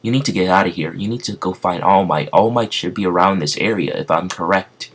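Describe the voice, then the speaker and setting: A man voicing a scared young girl on the run, speaking quietly and urgently. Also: deep voice, fairly quick, breathy edge.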